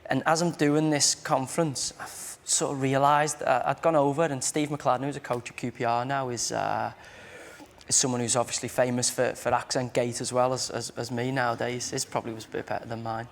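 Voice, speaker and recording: A man's voice: mid-range voice, flat delivery, fairly quick, vocal fry, in a large hall. A man in his thirties with a Merseyside accent, chatting as a guest on a talk show, rambling and restarting his sentences. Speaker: guest, footballer. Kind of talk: casual chat show talk.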